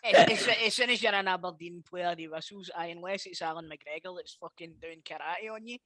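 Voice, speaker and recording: A man's voice: high-pitched, brisk. Argumentative Scottish man over crowd noise. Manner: argumentative, swearing banter. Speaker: podcast co-host. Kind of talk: casual football chat.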